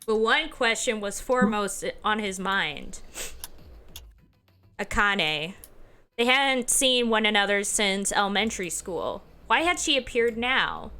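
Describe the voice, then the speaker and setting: A woman hosting a group reading, narrating a visual novel in an expressive storybook manner. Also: medium pitch, slight background noise. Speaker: host and narrator.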